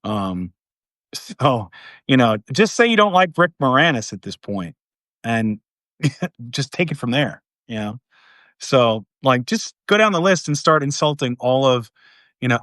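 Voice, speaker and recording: A man's voice: mid-range voice, sing-song, normal speed, fairly bright tone, no room sound, clean studio sound. A man hosting casual political commentary, rambling and sarcastic, with many fillers and restarts.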